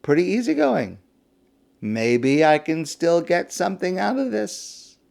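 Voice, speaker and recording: A sly male thief in a told parable, wheedling and bargaining, his voice pitched up and swinging widely, as a preacher puts him on. He talks his way toward a reward he has no right to. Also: big pitch swings, unhurried, gravelly, darkish tone, full character voice. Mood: sheepish. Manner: coaxing, self-justifying storyteller's voice.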